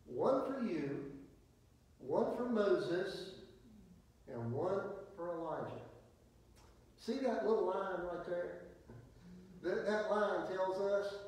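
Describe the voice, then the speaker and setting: A man preaching, folksy and emphatic, leaning on dramatic pauses. His voice sits a little high for a man. He sounds far from the mic in a very echoey room with a faint hiss. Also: darkish tone. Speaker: pastor leading a Bible study. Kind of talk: sermon-style Bible teaching. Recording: very echoey room heard from a distance with faint noise.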